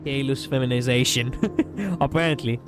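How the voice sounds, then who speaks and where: A man's voice: medium pitch, fairly even intonation, normal speed, music in the background. A man with a Greek accent on a gameplay livestream, reading the game's text aloud in a playful way and joking between lines. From Greece. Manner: playful, breaks into laughter and quips between read-out lines. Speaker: streamer.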